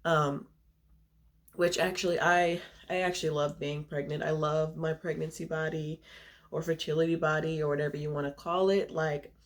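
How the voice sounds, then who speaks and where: A woman's voice: low voice, level tone, normal speed. Young woman vlogger, casual to-camera chat, open and chatty, slightly out of breath, laughs a lot. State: short of breath.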